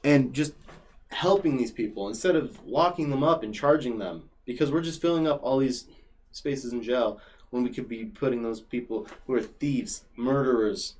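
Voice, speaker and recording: A man's voice: mid-range voice, moderate pace. A young man chatting casually as a podcast guest, telling stories with lots of fillers. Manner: animated storyteller, many fillers like "like". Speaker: podcast guest and former regular.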